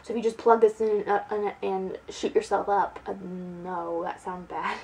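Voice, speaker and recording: A woman's voice: medium pitch, fairly even intonation, normal speed, a little mellow, rough recording. A young woman chatting casually to her camera as a beauty vlogger, giggly and peppered with "like". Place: at home, sitting indoors.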